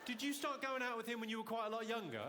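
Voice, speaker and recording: A man doing stand-up in a large theatre, deadpan and teasing the audience. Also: extremely high pitch, very fast. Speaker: stand-up comedian. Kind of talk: stand-up comedy with crowd work. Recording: reverberant hall, loud noise, crowd.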